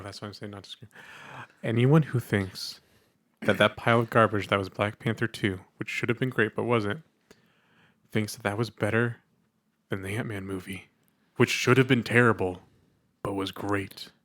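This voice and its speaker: A young man co-hosting a podcast, chatting emphatically and swinging from loud outbursts to hushed asides. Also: fairly low pitch, fairly even intonation, normal speed, pauses often, no room sound, studio quality. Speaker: podcast co-host. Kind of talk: casual chat.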